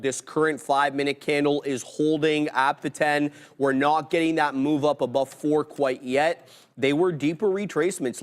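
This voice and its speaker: Excitable man calling live trades. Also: fairly high pitch. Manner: energetic, excitable play-by-play with hype outbursts. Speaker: live trading stream host. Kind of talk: live trading commentary.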